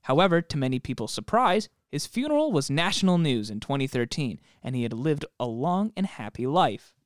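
Joking young man with a smooth voice. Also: mid-range voice, big pitch swings, brisk, no echo, studio quality. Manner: playful, joking, mock-solemn asides. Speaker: podcast co-host. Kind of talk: casual chat.

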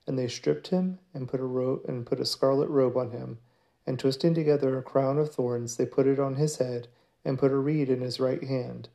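A man giving a daily scripture reading in a measured, steady way. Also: mid-range voice, gravelly. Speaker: scripture reader.

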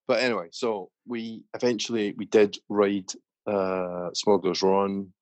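A man with a very low voice tells a long story in easy, chatty podcast talk. The sound is close and dry, with no room around it. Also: little pitch movement, unhurried, a little mellow, dry recording. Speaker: podcast host. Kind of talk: casual chat.

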